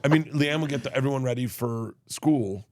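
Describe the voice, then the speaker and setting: A middle-aged man, a comedian and guest, telling animated family stories in a casual interview and acting out voices as he goes. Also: mid-range voice, brisk, no echo, studio quality. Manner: animated storyteller, acts out family members' voices. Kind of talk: storytelling interview chat.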